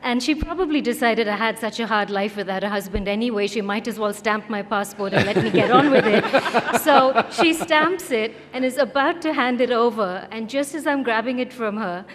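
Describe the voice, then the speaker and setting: A woman's voice: a little high, a little fast, few pauses. A woman from India, a former lawyer speaking on a conference panel, telling a wry anecdote and acting out the quoted exchanges. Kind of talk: storytelling talk on a panel. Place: conference hall. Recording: echoey hall with faint noise.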